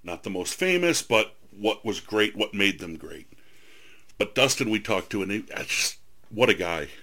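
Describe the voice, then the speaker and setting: A man's voice: on the low side, very animated, moderate pace, sharp tone. A man hosting an interview, a historian and author, chatting casually and telling anecdotes with enthusiasm.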